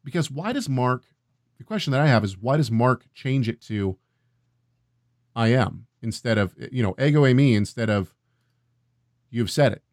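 A man leads a relaxed scripture discussion, reading verses and then thinking out loud about them. He speaks in a middle-pitched voice and keeps checking in with his partner. The sound is dry and close, with almost no room around it. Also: normal speed, long pauses, no room sound. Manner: thinking aloud, reading passages, many "right?" checks. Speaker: co-host of a Bible discussion.

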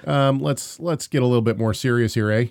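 A man hosting a casual talk show in an easy, rambling way, stumbling over his words and laughing often. His voice is mid-pitched and sits close and dry, with no room sound around it. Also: a little fast, creaky, a little mellow, no echo. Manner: rambling, self-correcting, laughs easily. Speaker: podcast co-host.

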